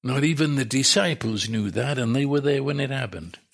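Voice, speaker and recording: A man preaching a sermon in an emphatic, repetitive way, his voice climbing as he gets excited. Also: medium pitch, normal speed, creaky. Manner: emphatic, repeats words, rising with excitement.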